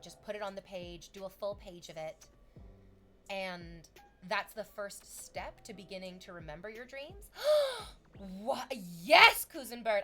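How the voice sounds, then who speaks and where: Here a young woman streams and banters loosely with her audience, full of energy and profanity. Excited spikes punctuate her otherwise medium-pitched voice.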